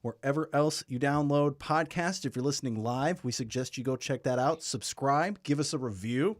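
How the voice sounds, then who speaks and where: A man's voice: mid-range voice, normal speed. A young man hosting a podcast in casual chat, jokey and emphatic as he presents. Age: young adult. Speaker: podcast host.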